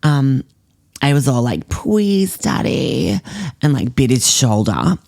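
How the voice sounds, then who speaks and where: A man's voice: mid-range voice, sing-song, slow, creaky, a little mellow, no echo, clean studio sound, heavily acted. A man playing a spoiled, self-obsessed teenage girl influencer with an Australian accent, chattering with whiny valley-girl fillers in a comedy podcast. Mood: furious. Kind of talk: comedy podcast monologue in character.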